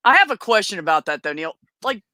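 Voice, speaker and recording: A woman guest telling stories in a casual conversation, animated and laughing often, acting out the voices of the people she quotes. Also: medium pitch, quick pace, no echo, clean studio sound. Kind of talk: casual storytelling.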